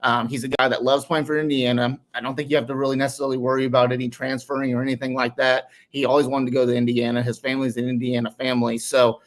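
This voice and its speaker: A man's voice: medium pitch, little pitch movement, fast, hardly any pauses. A man speaking as a guest analyst on a sports podcast, in casual chat that rambles with many fillers. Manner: rambling, heavy on "um" and "you know".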